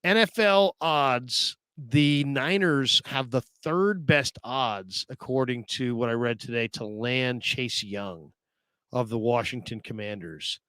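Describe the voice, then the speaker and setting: A man's voice: mid-range voice, slow, a bit bright, smooth, dry recording. A man hosting a casual sports talk show, reading viewer comments aloud and laughing often.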